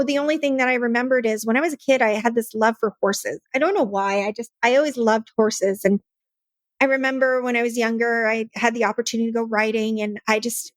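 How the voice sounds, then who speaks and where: With a fairly high voice and no audible room sound, this podcast guest recounts how she founded her nonprofit. Her telling is earnest, and she dramatizes the conversations she once had.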